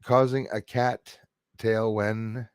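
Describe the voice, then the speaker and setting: A man's voice: on the low side, little pitch movement, takes it slowly, smooth, no room sound, studio quality. A man hosting a casual livestream, chatting loosely and reading out viewer comments with frequent laughs and fillers. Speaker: livestream host.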